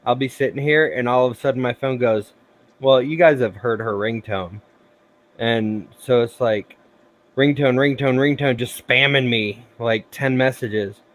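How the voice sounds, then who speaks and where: Man, stream host, casual chat, animated storyteller, does quoted voices. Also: medium pitch, unhurried, no echo. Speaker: livestream host.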